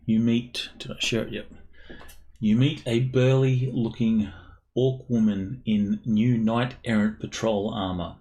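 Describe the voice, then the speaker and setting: A man's voice: on the low side, darkish tone. A man running a tabletop role-playing game as game master, narrating with frequent ums and hesitations.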